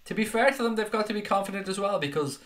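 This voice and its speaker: A man's voice: high voice, quick pace, a bit bright. A man hosting a fan live stream, chatting casually, reading out viewer comments and calling people mate. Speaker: fan channel host reading live chat.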